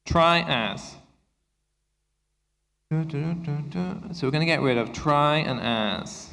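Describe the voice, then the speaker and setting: A man presenting an interactive workshop for English teachers, upbeat and encouraging as he gives quick instructions. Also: a little high, vocal fry, sharp tone. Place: conference room at a university. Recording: echoey hall with long reverb.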